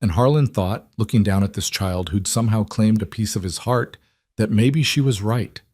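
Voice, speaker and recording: A man narrating a western romance story in a calm, measured scripted reading. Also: fairly low pitch, slightly rough, no echo, clean studio sound.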